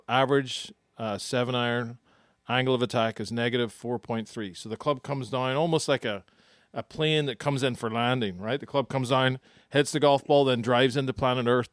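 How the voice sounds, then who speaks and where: A man who co-hosts a podcast and coaches golf, explaining his drill step by step in a relaxed chat. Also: medium pitch, dry recording, studio quality.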